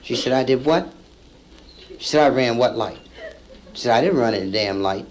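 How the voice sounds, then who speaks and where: A male stand-up comedian telling a story to a live audience, acting out the people in it with lively punchlines, from an old vinyl comedy album. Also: medium pitch, normal speed, slight background noise, poor audio. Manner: acts out characters in the story, lively punchline delivery. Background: audience laughter.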